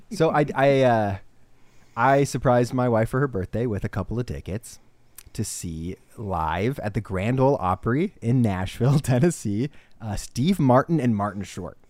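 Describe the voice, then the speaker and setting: A man in a casual podcast chat, telling a long story with lively energy and frequent laughs. His voice sits at an ordinary pitch, and the recording is dry and close, with no room echo. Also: unhurried. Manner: animated storytelling with laughs and restarts. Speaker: podcast co-host.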